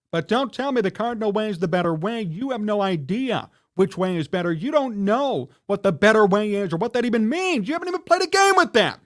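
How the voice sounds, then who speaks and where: A man's voice: high-pitched, animated, moderate pace. A man hosting a live sports talk show, ranting in a heated, indignant and scolding way. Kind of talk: livestream sports rant.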